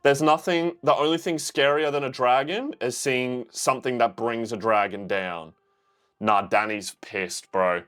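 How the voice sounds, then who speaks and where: A young man, reacting casually to a TV episode. He swears freely and yells at the screen. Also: mid-range voice, unhurried, clean tone. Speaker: reaction video host.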